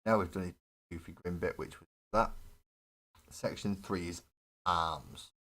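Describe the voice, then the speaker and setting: Deep-voiced man rambling on a live stream. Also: steady tone, measured pace, sharp tone. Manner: rambling, self-mocking, swears freely. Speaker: hobby streamer building a miniature. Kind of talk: casual live-stream chat while building. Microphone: desk webcam setup.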